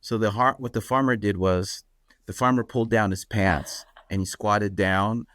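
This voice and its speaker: A man hosting a podcast, retelling a folk tale in a rambling, animated way. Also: lowish voice, moderate pace, no echo, studio quality. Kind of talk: casual storytelling.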